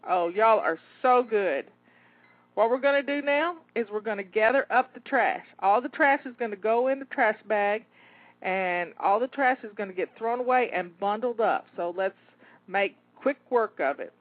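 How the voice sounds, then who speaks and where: A home organizing coach cheers listeners through a live timed cleaning session, upbeat and encouraging, talking them through each task while slightly out of breath. Her voice is fairly high at a moderate pace, dry with no echo, over a tinny, phone-like line.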